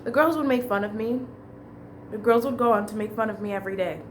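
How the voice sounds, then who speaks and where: A woman's voice: mid-range voice, fast talker, slight background noise. A woman telling a long personal story in a casual, rambling way, with fillers and restarts.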